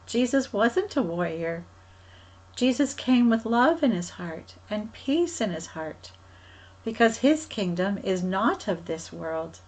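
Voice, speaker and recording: A woman's voice: mid-range voice, low-quality recording. Woman telling a Bible story to children. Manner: gentle, asks children questions directly. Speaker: children's ministry coordinator.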